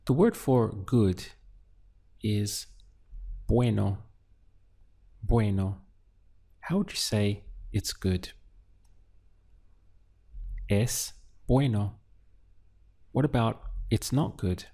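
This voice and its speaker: Slow, gravelly-voiced man teaching phrases. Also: lowish voice, mellow. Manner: slow, clear prompts and model answers. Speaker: language teacher. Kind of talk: audio language lesson.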